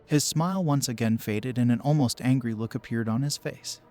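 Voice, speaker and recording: A man narrating a first-person horror story in a steady, measured storytelling voice. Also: mid-range voice.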